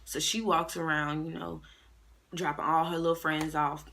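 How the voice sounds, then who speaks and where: A woman's voice: low-pitched, moderate pace, noisy background. A young woman vlogger telling a story in a casual, slangy way, acting out other people's lines. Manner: animated, slangy, acts out quotes in raised voices.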